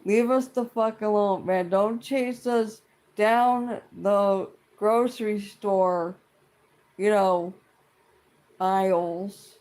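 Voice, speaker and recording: Slow-talking blunt middle-aged ranter. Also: mid-range voice, fairly even intonation, darkish tone. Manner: blunt and exasperated, heavy swearing, repeats itself. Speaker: vlogger. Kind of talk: casual profane rant to camera.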